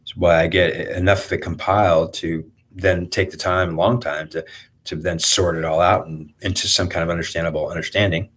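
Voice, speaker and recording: Low, husky man rambling on camera. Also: little pitch movement, fairly bright tone. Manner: halting, with restarts and repeats. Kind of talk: rambling spiritual monologue.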